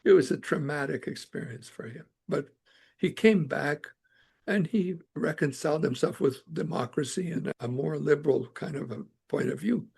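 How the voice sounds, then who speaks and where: An older man from Canada tells stories as a podcast guest with a raspy, gravelly voice. His pitch sits somewhat high, and he draws out his lines at an unhurried pace. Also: a little mellow. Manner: unhurried storyteller, drawn-out phrasing. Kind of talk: storytelling in conversation.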